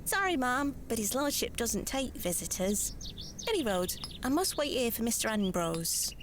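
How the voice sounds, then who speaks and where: A woman's voice: fairly high pitch, very animated, normal speed, a little hiss or hum. An actress playing a worried young servant girl in an adventure game, speaking politely. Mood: anxious. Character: young servant girl waiting for milk, anxious.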